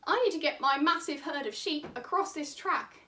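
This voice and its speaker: A woman's voice: sits high, moderate pace, sharp tone, recorded from a distance. A woman voicing a polite male sheep farmer with a put-on Australian accent.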